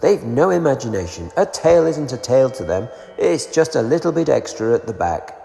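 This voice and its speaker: A man's voice: medium pitch, big pitch swings, creaky, dark tone. Eeyore, a man doing a gloomy old donkey. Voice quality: slow, mournful grumble. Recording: echoey room with reverb.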